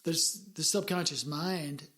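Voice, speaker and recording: A woman's voice: low-pitched, slow pace, fairly bright tone. A woman hosting a podcast, chatting casually in an earnest, rambling way with frequent restarts. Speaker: podcast host. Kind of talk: casual chat.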